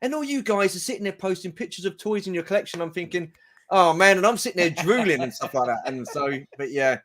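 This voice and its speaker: A man's voice: high-pitched, expressive, quick pace, a bit bright, slight background noise. A male livestream host, speaking over a video call in a friendly, effusive, slangy way. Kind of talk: casual livestream chat.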